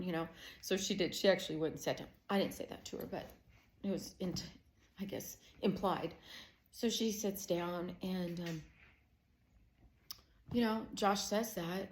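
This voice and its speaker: A woman's voice: lowish voice, fairly even intonation, moderate pace, a little hiss or hum. A middle-aged woman giving a personal testimony as a Christian counselor, telling a family story conversationally with many fillers. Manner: conversational storytelling, growing emotional; many fillers like "you know" and "um".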